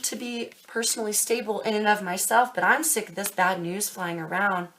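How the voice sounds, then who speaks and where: A young woman doing a casual tarot reading to camera, emphatic and quick to swear as she talks straight to her viewers. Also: medium pitch, fairly even intonation, a bit bright. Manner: emphatic, swears freely, speaks directly to viewers. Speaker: tarot reader.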